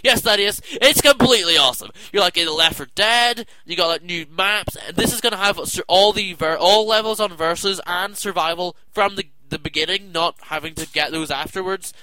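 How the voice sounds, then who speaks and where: A young man chatting casually about video games, excitable and rambling with lots of fillers. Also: sits high, normal speed, hardly any pauses, rough recording. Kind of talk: casual rambling game chat.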